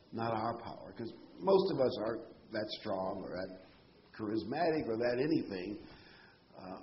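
A man's voice: medium pitch, slight background noise. A man preaching a sermon to a congregation, emphatic and full of rhetorical questions. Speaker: pastor. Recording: roomy, dull hall sound.

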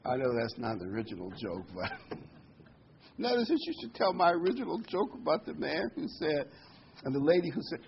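A man's voice: fairly high pitch, very animated, brisk, gravelly, muffled recording, slight background noise. A man preaching a sermon in a folksy way, with corny jokes and frequent ums.

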